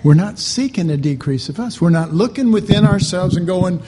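A man preaching a sermon, slow and deliberate, with animated asides. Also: sits high. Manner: slow, deliberate delivery with animated mock voices and laughter.

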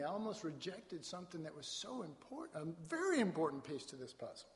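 In a long, reverberant hall, this Dallas preacher delivers his sermon fairly quickly in a slightly high, sing-song voice. He tells it folksy and story-driven, dropping colloquial asides along the way.

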